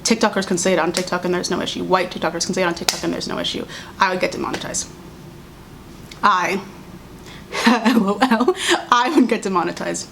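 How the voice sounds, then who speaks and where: Talking fast in a fairly low voice with vocal fry, a young woman vents to her camera at home as a video creator. Her casual commentary is animated, sarcastic and exasperated, peppered with mocking impressions and laughter, over a slight hiss or hum.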